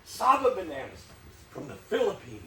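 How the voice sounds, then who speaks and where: An actor playing a harried, desperate theater staffer who scolds with exasperated insistence, in a live stage play. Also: male voice, sits high, big pitch swings, moderate pace, a bit bright. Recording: echoey stage, distant mic, faint hiss.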